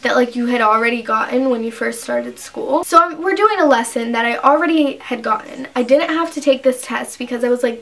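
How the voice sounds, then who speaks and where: A young woman vlogger telling a rambling story in casual chat, saying "like" constantly. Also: high voice. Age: young adult. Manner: chatty, rambling, heavy use of "like". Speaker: beauty vlogger.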